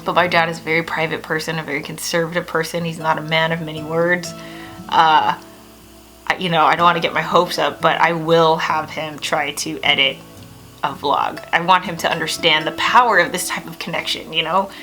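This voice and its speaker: A young woman talking straight to camera in a casual vlog, gushing and excitable, with lots of "like" and "oh my gosh.". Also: sits low, brisk, soft background music, rough recording. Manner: excitable, gushing, many filler words. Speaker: vlogger.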